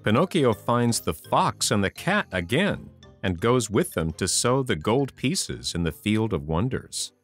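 A man narrating a children's classic aloud, in an animated reading style. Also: on the low side, unhurried, few pauses, faint music behind. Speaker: audiobook narrator. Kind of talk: storybook narration.

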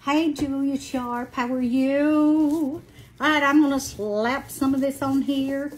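A woman's voice: high voice, fairly even intonation, slow pace. A woman in her late sixties with a Southern Alabama accent, hosting a casual craft livestream and chatting folksily while she works. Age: 60s. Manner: folksy, chatty, greets viewers by name.

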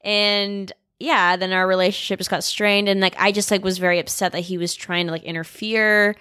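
A young woman from California telling a story as a podcast guest, animated, full of "like" fillers and casual swearing. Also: mid-range voice, moderate pace, smooth, no echo, studio quality. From Visalia, California. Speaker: podcast guest, actor and comedian.

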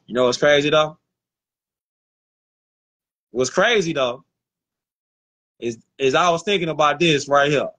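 A man hosting a livestream on his phone, talking in a slangy, animated way and repeating lines for emphasis. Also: on the high side, a little slow, pauses often. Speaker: livestream host. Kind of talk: casual livestream rant.

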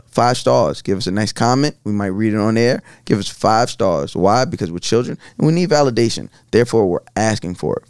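A man's voice: fairly low pitch, darkish tone, clear, resonant tone, no echo, clean studio sound. A man co-hosting a podcast, joking and rambling through casual stories. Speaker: podcast co-host.

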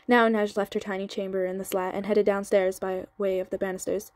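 Woman reader for a novel; flat delivery, fast and sped-up. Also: medium pitch, dry recording. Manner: even, steady reading with small slips and restarts. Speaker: audiobook reader. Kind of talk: novel read aloud. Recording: sped-up audio.

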